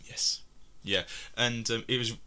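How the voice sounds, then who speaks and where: Bright-voiced, rambling English man. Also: mid-range voice, a little slow, clear, resonant tone. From England. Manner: rambling, animated, laughs often, many restarts. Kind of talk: casual film discussion.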